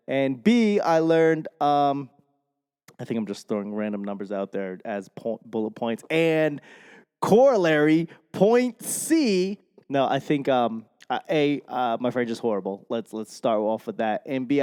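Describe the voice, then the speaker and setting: Rambling Boston man, smooth voice. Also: mid-range voice, a little mellow, big-room sound. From Boston, Massachusetts. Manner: rambling, self-mocking, swears freely. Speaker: podcast host. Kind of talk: casual comedic monologue. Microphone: podcast microphone.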